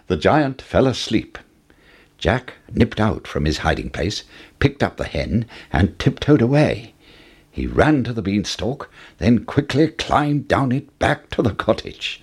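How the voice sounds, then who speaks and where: Slow, expressive male storyteller. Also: low voice, husky. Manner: slow, expressive, sing-song reading. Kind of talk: fairy tale read aloud.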